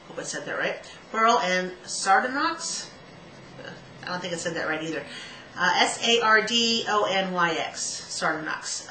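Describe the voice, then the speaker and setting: A middle-aged woman hosts a casual solo love-advice video, chatty and self-mocking, laughing at herself as she stumbles over stone names and spells them out. Her mid-range voice has a sharp tone, recorded in an echoey room with faint background hiss.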